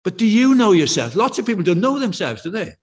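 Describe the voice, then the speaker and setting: A man's voice: high-pitched, sing-song, quick pace, slightly rough. A man preaching a sermon in a church, talking in a conversational way, telling stories and asking his listeners questions. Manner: conversational, anecdotal, full of rhetorical questions.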